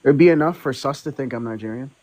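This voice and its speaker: A man's voice: medium pitch, fast talker, a little mellow, low-quality recording. A man co-hosting a livestream in casual group chat, joking and swearing, laughing often. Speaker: livestream co-host.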